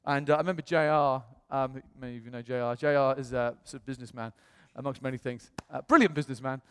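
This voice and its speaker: A man, a pastor, telling a personal story in a sermon in a chatty, animated way. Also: mid-range voice, quick pace, smooth, in a large hall. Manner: chatty storytelling, animated voices when quoting others.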